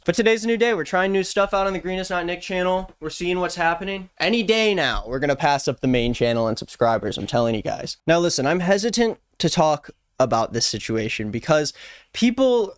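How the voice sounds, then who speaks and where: Young male YouTuber, playful commentary with jokey asides, smooth clear tone, dry close sound. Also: medium pitch, dry recording. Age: 20s. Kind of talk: casual commentary. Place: Los Angeles.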